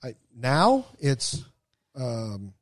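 A man's voice: mid-range voice, huge pitch swings, drawn-out words, dry recording. Wry, dry-humored man podcast co-host. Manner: dry, wry humor, soft-spoken asides. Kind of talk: casual chat.

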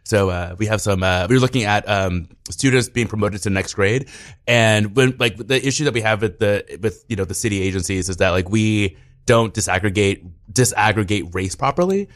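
Fast-talking man rambling in casual chat. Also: fairly low pitch. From New York. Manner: fast, rambling, lots of "like" fillers. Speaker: podcast co-host.

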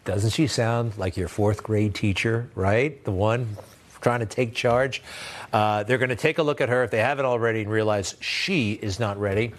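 A man's voice: lowish voice, normal speed. A man hosting a news show, giving blunt, sarcastic political commentary in a conversational way. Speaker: host.

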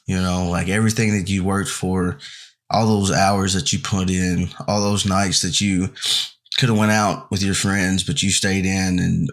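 A young man co-hosting a podcast, chatting in a relaxed, rambling way full of fillers. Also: sits low. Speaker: podcast co-host. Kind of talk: casual chat.

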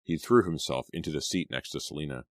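Give me a man with a very low voice reading an audiobook, dry and close. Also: fast, no echo. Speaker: audiobook narrator. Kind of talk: scripted narration.

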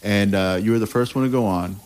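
Low-voiced podcast host asking questions. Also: male voice, fairly quick, darkish tone, clean tone. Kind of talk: casual interview.

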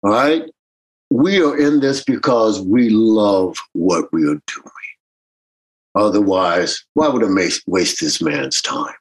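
Telling stories in a casual interview, this Jamaican American reggae bandleader lively mimics the voices of people he quotes. His voice is fairly low with a breathy edge, he speaks slowly, and the audio is poor.

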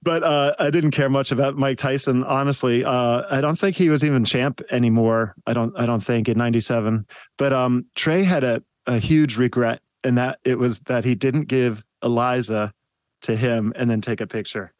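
A man's voice: medium pitch, steady tone, moderate pace, no echo. Chuckling man telling a tour story. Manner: laughs often while telling stories. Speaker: podcast host. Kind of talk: casual storytelling.

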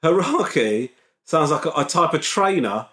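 A man's voice: a little high, big pitch swings, moderate pace. A man in casual podcast banter, wryly teasing his co-host and picking apart his stories.

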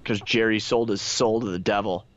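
Low-voiced man grumbling, dull dry sound. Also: fairly even intonation, moderate pace. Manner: glum, complaining, stammering. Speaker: podcast co-host. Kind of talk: casual sports chat.

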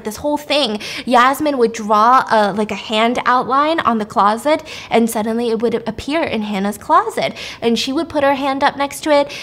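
A woman hosting a podcast, casually retelling a movie's plot in a chatty, animated way. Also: on the high side. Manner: chatty, animated storytelling with quoted voices. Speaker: podcast host.

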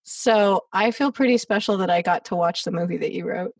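A woman's voice: mid-range voice, no echo, recorded from a distance. Chatty woman podcast host, set back from the mic. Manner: chatty, laughs often, repeats "exactly". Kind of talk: casual interview chat. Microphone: remote recording.

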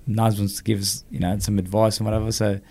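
Animated Australian man telling stories. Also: on the low side, fast. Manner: animated, acts out quoted dialogue, frequent "you know". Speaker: guest. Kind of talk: casual storytelling in conversation.

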